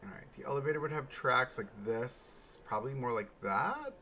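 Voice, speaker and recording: Male livestream host, gravelly bright voice, unhurried chatty commentary while building. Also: mid-range voice, slight background noise. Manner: thinks aloud, chatty, bursts of excitement. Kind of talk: casual live gameplay commentary.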